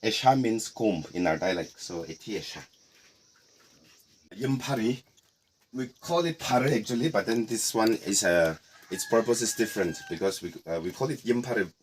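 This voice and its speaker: A middle-aged man from Nagaland, guiding a casual tour of a heritage house in a relaxed, explanatory way with playful asides. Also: on the low side, moderate pace, slight background noise. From Nagaland, India. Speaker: tour guide.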